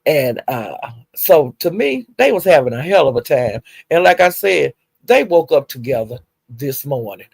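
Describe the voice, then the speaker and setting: A woman's voice: deep voice, sing-song, moderate pace, gravelly, a little mellow, husky, no echo, studio quality. A woman casually recounting gossip, chatty and profane with laughing asides. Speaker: gossip vlogger.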